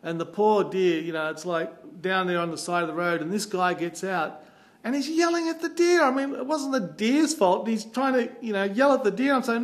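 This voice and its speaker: A man from Australia with an Australian accent, telling a travel story in a chatty, animated way. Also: high voice, normal speed. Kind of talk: casual anecdote.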